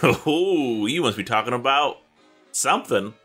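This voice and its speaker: A man co-hosting a casual gaming podcast, excitable and swearing freely. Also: mid-range voice, measured pace, slightly rough, faint music behind. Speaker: podcast co-host.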